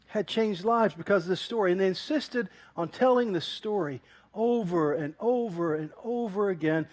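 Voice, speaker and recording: A man pastor preaching an animated sermon, telling a story and laughing often. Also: sits high. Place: church.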